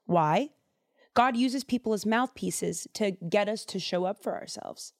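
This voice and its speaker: A young woman hosting a podcast, retelling a Bible story in a chatty, slangy, animated way. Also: medium pitch, measured pace, creaky, no echo, studio quality. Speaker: podcast host.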